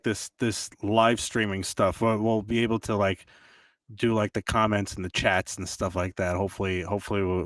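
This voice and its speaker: A man co-hosting a podcast in casual chat, easygoing and quick to agree and laugh along. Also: lowish voice, no room sound, recorded from a distance. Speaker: podcast co-host. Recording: dry voice a bit off the mic.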